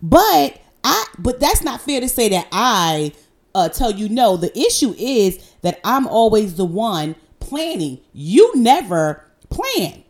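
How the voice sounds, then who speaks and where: A woman's voice: a little high, slow. A woman co-hosting a casual couple's podcast with her husband, laughing often and pushing back playfully. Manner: laughing, lively, playfully assertive. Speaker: podcast co-host.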